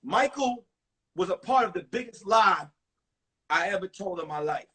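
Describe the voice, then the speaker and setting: A male comedian telling animated stories from high school in a one-man show on a livestream. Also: moderate pace, husky. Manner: animated, acts out voices. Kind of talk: stand-up storytelling. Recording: distant mic on a phone livestream.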